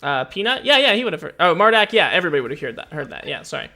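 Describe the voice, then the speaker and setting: A man runs a tabletop game, narrating in a relaxed, hesitant way with frequent pauses and filler words. His voice is a little high, bright and forceful, with a gravelly fry underneath. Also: faint music behind. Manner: relaxed, hesitant, lots of uhs and laughs. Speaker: game master.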